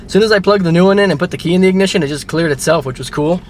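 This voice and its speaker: A man's voice: high-pitched, racing, slight background noise. A man vlogging his car repair in a casual, wry way, grumbling a little as he talks to a handheld camera by his car and then inside it as he drives. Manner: chatty and wry, with mild grumbling. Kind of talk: casual self-filmed car vlog. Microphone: handheld camera mic.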